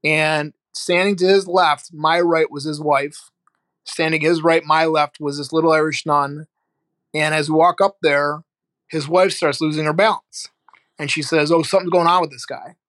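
A man's voice: fairly high pitch, measured pace, no room sound. A middle-aged man from Ohio, a guest telling his story frankly and vividly, with some swearing. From Ohio, United States. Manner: candid, animated storyteller, swears freely. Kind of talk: casual storytelling interview.

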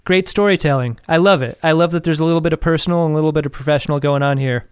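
A man's voice: a little high, rapid-fire, clear, resonant tone, no room sound, studio quality. A man co-hosting a podcast in casual chat, upbeat and enthusiastic, with playful teasing. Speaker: podcast co-host.

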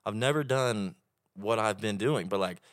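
A man's voice: lowish voice, normal speed, dry recording, clean studio sound. A young man from Oklahoma with an Oklahoma accent, a podcast guest chatting casually and telling stories with plenty of swearing. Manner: swearing, animated storytelling. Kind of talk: casual chat.

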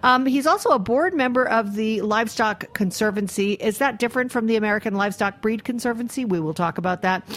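A woman hosting a radio interview from a studio, chatty and given to laughing, with many ums and asides. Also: mid-range voice. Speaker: radio show host.

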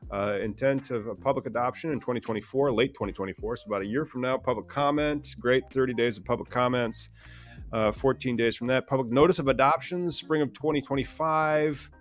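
A man co-hosting a casual podcast chat, reading out news items with quick joking asides. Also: mid-range voice, soft background music. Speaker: podcast co-host.

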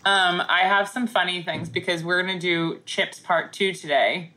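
A woman's voice: on the low side, steady tone, normal speed, bright, forceful tone. A woman co-hosting a comedy podcast, casual chat full of jokes and laughter. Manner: jokey, laughs often, mock newscaster reading. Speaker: podcast co-host.

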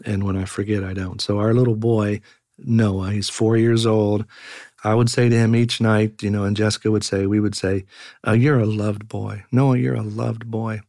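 A middle-aged man, a pastor, telling reflective stories in an earnest, halting way with many fillers. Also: on the low side, flat delivery, warm tone, no room sound, clean studio sound. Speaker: pastor and guest. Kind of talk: reflective conversational storytelling.

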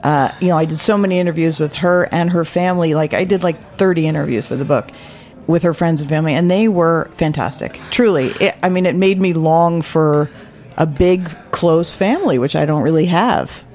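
A woman's voice: deep voice, fairly quick, darkish tone. A woman, a guest author, chatting and telling stories, laughing often. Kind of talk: casual chat, storytelling.

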